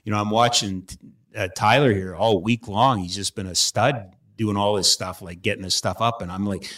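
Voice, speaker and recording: Man, middle-aged, podcast host, lively storyteller, laughs a lot, studio mic. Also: on the low side, moderate pace. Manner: animated storyteller, laughs often. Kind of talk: casual studio chat.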